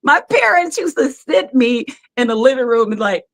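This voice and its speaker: A woman who works as a background actor, telling stories in an animated, chatty way as a talk-show guest, often laughing. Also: sits high, normal speed. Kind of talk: casual storytelling chat.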